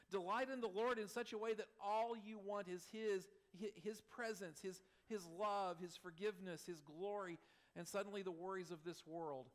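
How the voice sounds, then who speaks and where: A middle-aged man preaching a sermon as pastor, animated, swinging between loud emphasis and soft asides with chuckles. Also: high voice.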